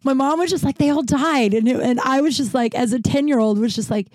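A woman telling a personal story casually, rambling with many fillers and correcting herself, laughing wryly at dark memories. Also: high voice, quick pace, dry recording. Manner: rambling, heavy use of "like", self-correcting.

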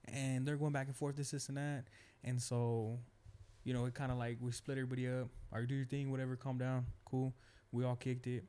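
A man hosts a casual podcast conversation. He talks quickly in a dark, mellow voice and tells stories in relaxed, slangy speech. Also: mid-range voice, smooth. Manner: relaxed slang-heavy storytelling. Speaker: podcast host.

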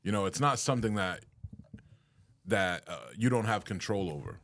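A man's voice: on the low side, animated, moderate pace, fairly bright tone. A man co-hosting a podcast in casual, crude banter, laughing often and calling his friends bro. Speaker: podcast co-host. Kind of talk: casual chat.

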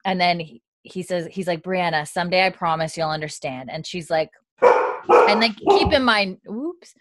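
A woman with a fairly low voice recaps a TV episode in casual conversation. She keeps quoting the characters' lines in between plenty of fillers. The sound is dry and close. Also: lively intonation, normal speed, no echo. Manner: retells scenes with quoted lines, many fillers and laughs. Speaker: podcast co-host recapping a TV episode.

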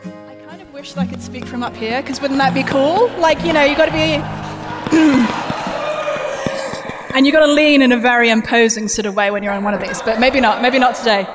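A woman speaking from a conference stage in a chatty, joking, self-deprecating way. Her voice sits a little high and carries a long reverb from the large hall around her. It is recorded from a stage mic. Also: lively intonation, moderate pace, music in the background. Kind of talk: plenary talk.

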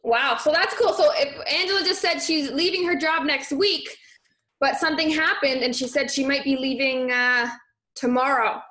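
A young woman hosting a motivational live stream, talking in an energetic, encouraging way and reading viewer comments aloud. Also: high-pitched, normal speed, reverberant.

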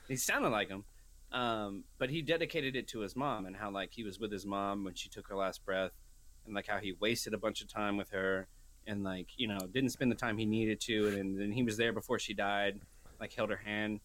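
With a lowish voice and a moderate pace, this young podcast co-host wanders through animated stories, performing his quoted lines in exaggerated voices. There's a little hiss or hum in the recording.

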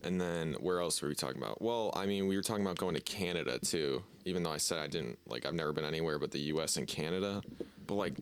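A man's voice: rumbling low, fast, smooth. A young man with a Northeastern US accent, co-hosting a podcast in laid-back chat and swearing freely. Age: young adult. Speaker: podcast co-host. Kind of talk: casual chat.

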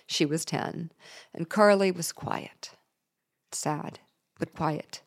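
A woman's voice: on the low side, expressive, slow, gravelly. A middle-aged woman telling a personal story in a candid, emotional way, with laughs and chatty fillers.

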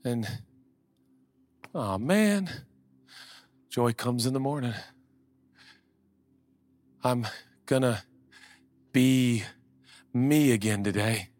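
A man preaching a sermon as pastor, swinging between loud impassioned calls and quiet conversational asides. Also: mid-range voice, animated, very slow, pauses often, no echo, in a large hall.

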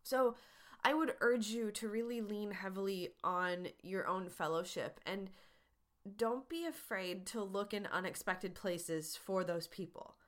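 Earnest woman giving gentle advice. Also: medium pitch, unhurried. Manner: earnest, encouraging, conversational. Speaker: podcast host answering listener questions. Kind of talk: casual advice talk.

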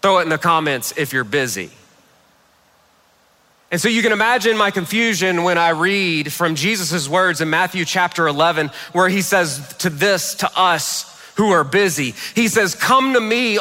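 A man preaching a sermon, telling a funny family story with lively comic timing. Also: high-pitched, moderate pace, in a large hall. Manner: humorous, animated storyteller. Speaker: pastor.

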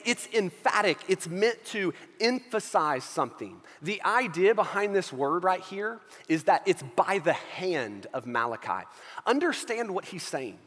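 A man's voice: high-pitched, a bit bright, big-room sound. A man preaching a sermon as pastor of his church, emphatic and repeating key phrases, often checking in with his listeners.

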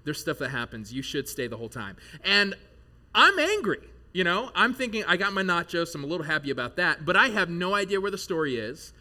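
Pastor guy in his 30s telling a goofy story in his sermon, really bright sharp voice, kinda high, gets loud and animated. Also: fast talker, few pauses. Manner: animated, jokey storytelling with sudden loud outbursts. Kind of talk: sermon with a humorous personal story. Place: church service before a live congregation.

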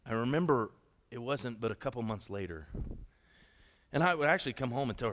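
A man's voice: medium pitch, animated, brisk, long pauses, a bit bright. A middle-aged male pastor preaching a sermon, talking conversationally and calling out to his congregation. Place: church sanctuary. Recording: long hall reverb.

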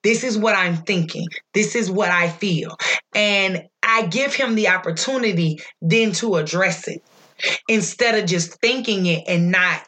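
A woman in candid casual conversation, blunt and profane, telling stories in an animated way. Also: medium pitch, measured pace.

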